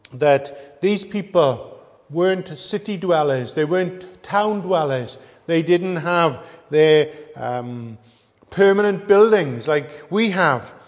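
Man, middle-aged, preacher, earnest sermon, unhurried delivery, frequent pauses, slightly high voice, echoey hall. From Wales. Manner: measured, earnest, pausing with frequent ums. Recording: echoey hall with long reverb.

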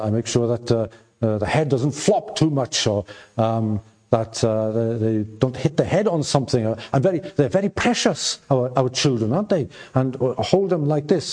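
An older man preaches at a slow, unhurried pace. He stumbles through fillers and restarts, then presses his points home by repeating them with emphasis. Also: medium pitch, a little mellow. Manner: slow, halting delivery with many fillers and repeated words; emphatic repetition when reading scripture aloud. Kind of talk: sermon.

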